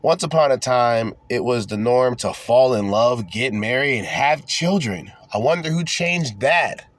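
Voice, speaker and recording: A man's voice: medium pitch, expressive, measured pace, no echo. A young man hosting a podcast, reading articles aloud and breaking off into sarcastic, profane commentary. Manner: sarcastic, profane, mocking asides. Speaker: podcast host. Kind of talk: casual unscripted rant reading articles aloud.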